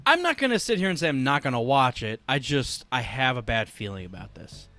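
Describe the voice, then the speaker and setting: A man's voice: mid-range voice, very animated, fairly quick, sharp tone, no echo. A man co-hosting a podcast in casual chat, joking and blunt, with some swearing. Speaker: podcast co-host.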